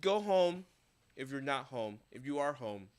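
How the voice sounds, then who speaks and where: A man's voice: mid-range voice, animated, measured pace. A man co-hosting a casual music podcast, joking around and swearing casually. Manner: jokey, swears casually, repeats lines for laughs. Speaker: podcast co-host. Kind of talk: casual chat about music. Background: loud music playing.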